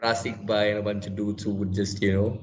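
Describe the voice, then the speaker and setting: A man with an Indian English accent talks casually as a podcast guest. His voice sits a little low and his words tumble out with frequent restarts and repeated words. The recording sounds dull and lo-fi. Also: flat delivery, a little fast. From Kerala, India. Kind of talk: casual conversation.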